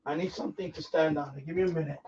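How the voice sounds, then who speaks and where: A ham radio livestream host with a slightly high, steady voice talks at a quick pace over a noisy background. Handling his gear, he gives a casual demo, wandering off and restarting sentences. The audio is dull and low-fidelity.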